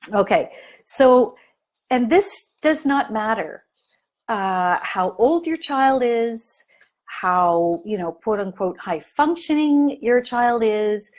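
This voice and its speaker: A woman giving a live parent training, telling an everyday story and asking her listeners questions, with many fillers. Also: fairly high pitch. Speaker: family consultant giving a training. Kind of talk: live online training talk.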